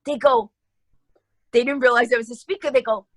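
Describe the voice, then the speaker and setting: Animated high-voiced woman from New York. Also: fairly quick, no echo, low-quality recording. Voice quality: lively, acts out voices in her stories. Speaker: guest. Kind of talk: animated storytelling in a radio interview.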